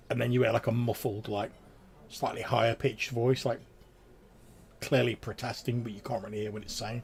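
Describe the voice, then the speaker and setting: A man's voice: on the low side, steady tone, moderate pace, creaky. A man narrating as game master of a tabletop game, in loose, filler-heavy speech.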